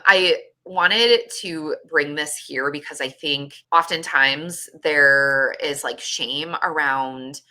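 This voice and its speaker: A woman's voice: low-pitched, takes it slowly, few pauses, sharp tone. A woman hosting a podcast, telling a personal story in a candid, emotional way and swearing freely. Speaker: podcast host.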